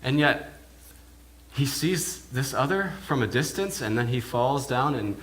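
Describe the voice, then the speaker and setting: A male minister plays an awed village pig herder, speaking at an ordinary middle pitch. He stumbles, repeats and restarts his words as he tells of what he saw. A faint hiss sits under the voice. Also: expressive, a little slow, fairly bright tone. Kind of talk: in-character first-person sermon monologue. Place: church.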